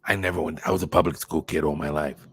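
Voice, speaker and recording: A man's voice: rumbling low, steady tone, fast, fairly bright tone, slightly rough. A man hosting a casual livestream, chatting with viewers in a rambling way, swearing now and then and thinking aloud. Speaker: channel host reading live chat.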